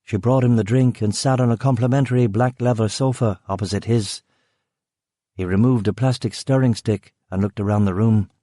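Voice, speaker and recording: A man reading a crime thriller audiobook in measured scripted narration. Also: fairly low pitch, steady tone, warm tone, no room sound, studio quality.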